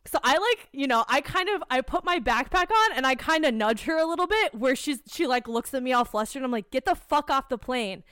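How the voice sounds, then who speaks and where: A woman's voice: sits high, lively intonation, a little fast, few pauses, a bit bright, smooth, dry recording, studio quality. A young American woman, co-hosting a podcast, tells a heated, profane story in casual chat. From United States. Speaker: podcast co-host.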